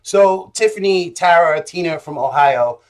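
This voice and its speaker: A young man telling a story in a casual vlog, animated and jokey, swinging between loud bursts and low mutters. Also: a little slow. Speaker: vlogger.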